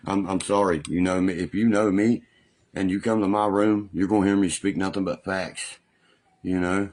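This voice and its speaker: A middle-aged man from talks to his live-stream viewers in a drawl. His voice sits low and deep. His talk rambles, swears freely and leans on fillers. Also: fairly even intonation, moderate pace, darkish tone. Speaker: livestreamer. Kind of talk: casual live-stream chat.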